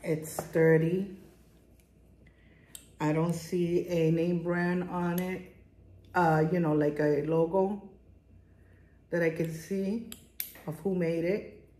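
Taking it slowly with long pauses, this middle-aged woman talks in a low, steady, mellow voice as she presents jewelry in her home garage. She's a jewelry vlogger with a strong non-native accent, chatting casually and enthusiastically for a haul vlog. There's echo and faint noise in the recording.

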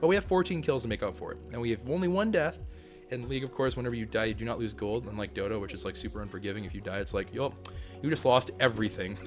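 A man giving casual, goofy commentary on his own gameplay as a channel host, often breaking into sudden high yelps and shouts. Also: very fast, soft background music.

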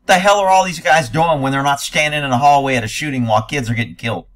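A man's voice: mid-range voice, quick pace, a bit bright. A man giving blunt, sarcastic, profane commentary while reacting to news footage.

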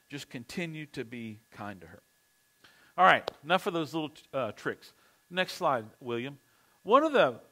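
A man's voice: mid-range voice, pushed and bright, low-quality recording. Man preaching a conversational sermon. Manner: conversational storytelling. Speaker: pastor.

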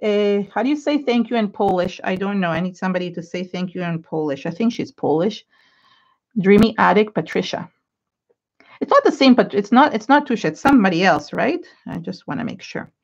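A woman's voice: medium pitch, animated, fairly quick. A woman hosting a live craft tutorial, chatting effusively and thanking viewers by name as she paints. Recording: slightly dull home live-stream audio.

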